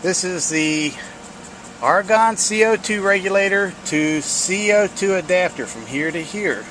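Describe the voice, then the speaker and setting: A man's voice: sits high, animated, unhurried, fairly bright tone, slight background noise. A man giving blunt, folksy workshop commentary on welding and truck repair, swearing casually as he works. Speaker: home mechanic showing welding work.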